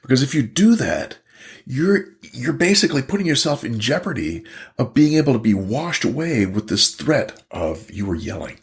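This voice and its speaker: An older man who works as a couples therapist talks casually to the camera in a mid-range, sing-song voice at normal speed. Telling it as a story, he acts out a couple's argument, doing both partners' voices.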